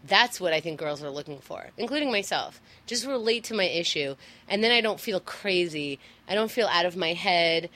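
Female podcast co-host, fairly low-pitched, blunt and argumentative in casual chat. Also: expressive, sharp tone. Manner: blunt, sarcastic, quick to argue. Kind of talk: casual crude banter.

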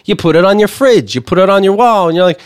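Here a man with a high-sitting voice talks fast as he co-hosts a comedy podcast. Joking and animated, he reads an ad loosely in relaxed comedic chat. The studio recording is clean and dry.

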